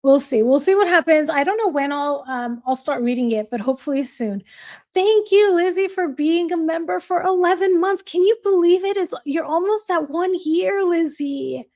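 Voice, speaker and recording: Bubbly high-voiced woman hosting a livestream. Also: moderate pace, a little mellow. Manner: chatty, reads viewer comments aloud and greets viewers by name; laughs easily, bubbly. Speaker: livestream host. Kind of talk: casual livestream chat.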